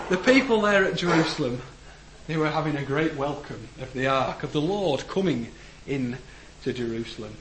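A man preaching a sermon in a church, earnest, rising to emphatic declarations and letting phrase ends fall low. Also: expressive, moderate pace. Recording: echoey room with faint background noise.

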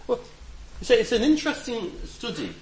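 Animated preacher with a roomy echo. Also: male voice, very high-pitched, a little fast, slight background noise. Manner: reflective, rises and drops for emphasis, gentle humor. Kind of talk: conversational sermon.

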